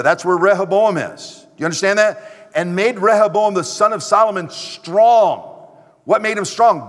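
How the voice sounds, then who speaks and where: Middle-aged male pastor, fairly high voice, emphatic sermon delivery with repeated rhetorical questions, long church reverb. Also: a bit bright. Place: church sanctuary.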